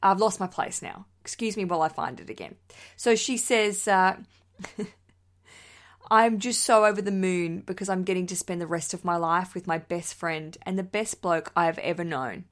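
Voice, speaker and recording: An Australian woman, likely in her thirties, hosting a wedding podcast in a bubbly, chatty way, laughing often and swearing casually as she reads listener messages. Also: medium pitch.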